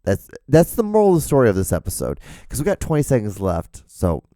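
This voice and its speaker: A man's voice: on the low side, wildly swooping pitch, fast, warm tone, dry recording. A man hosting a solo podcast, rambling and profane and poking fun at himself, his voice wearing out. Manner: rambling, profane, self-deprecating. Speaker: podcast host.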